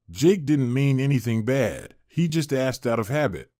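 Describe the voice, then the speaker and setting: Guy narrating a story, mid pitch, steady read, really dry close sound. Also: normal speed, hardly any pauses, dry recording. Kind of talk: scripted narration.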